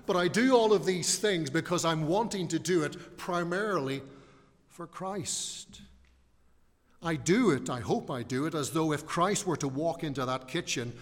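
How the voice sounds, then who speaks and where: A man preaching a sermon in an earnest, measured way, reading scripture and leaning hard on key words. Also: fairly high pitch, big-room sound. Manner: earnest, measured preaching with slow emphatic stresses.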